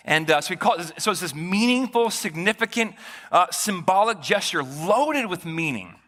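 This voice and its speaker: A male pastor giving a sermon in a church, animated and joking, with a conversational, chatty delivery. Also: high-pitched, a little fast. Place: church sanctuary. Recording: long church reverb.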